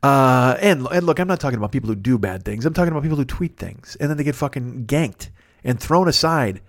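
A man's voice: mid-range voice, animated, fast. A man in his fifties doing a rambling, profane, self-mocking solo comedy podcast from his apartment, talking into a microphone turned sideways. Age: 50s. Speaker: podcast host.

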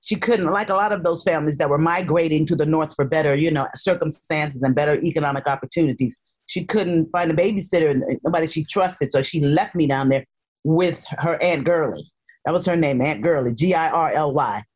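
A woman actress from North Carolina raised in Harlem, telling stories in a playful, animated way during a casual interview. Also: low-pitched, brisk, husky. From North Carolina, raised in Harlem, New York. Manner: animated, playful storyteller who puts on voices. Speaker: actress guest.

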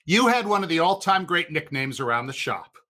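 A man calling in to a casual chat, amused and lively. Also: on the high side, a little fast. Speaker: call-in guest.

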